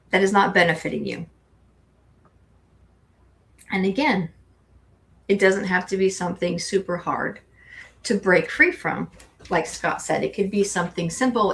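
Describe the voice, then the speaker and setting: Speaking on the low side with a creaky quality, a middle-aged woman makes casual chat as co-host of a tarot show. She rambles and restarts often.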